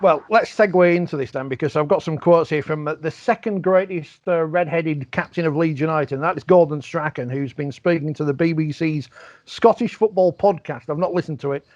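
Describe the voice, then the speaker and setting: A man's voice: on the high side, fairly quick, darkish tone, no echo. A man hosting a rugby league podcast in casual chat, wry and reading quotes aloud. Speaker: podcast host. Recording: dry, dull lo-fi sound.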